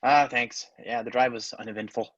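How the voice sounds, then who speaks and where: A man's voice: medium pitch, steady tone, a little fast, lo-fi sound, a crowd in the background. Playful mock-formal man on a call. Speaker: conference speaker. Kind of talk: casual banter.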